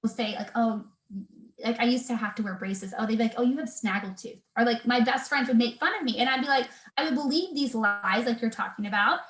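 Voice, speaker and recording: A woman in her thirties talks as a guest on a video call, her voice sitting a little high. She sounds earnest and faith-filled, restarting her sentences and filling pauses with "um" and "like." The room around her is echoey. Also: fairly bright tone. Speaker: guest, personal trainer. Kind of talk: casual video interview chat.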